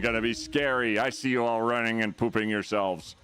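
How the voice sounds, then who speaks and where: A man's voice: lowish voice, brisk, few pauses, fairly bright tone, clean tone, soft background music. A man streaming a video game, chatting with his viewers in a playful, jokey way. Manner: playful, jokey, shrieks and laughs. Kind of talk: casual live-stream chat.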